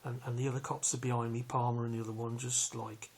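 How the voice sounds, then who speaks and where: A man, telling a long personal story in a rambling, halting way with many fillers. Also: medium pitch, level tone, darkish tone, husky. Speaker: vlogger recounting a police arrest. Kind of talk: casual storytelling.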